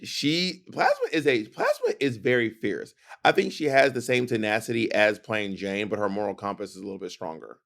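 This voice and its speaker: Male co-host, lowish voice, chatty and opinionated, acts out quotes. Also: huge pitch swings, normal speed, vocal fry, few pauses, fairly bright tone. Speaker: podcast co-host. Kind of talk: casual chat.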